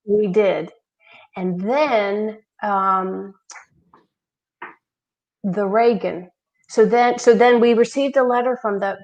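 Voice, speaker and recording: Woman, mid-pitched guest, storyteller who acts out quoted dialogue. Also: lo-fi sound. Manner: animated anecdotes, acting out quoted dialogue. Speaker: charity founder, guest. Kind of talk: conversational storytelling interview.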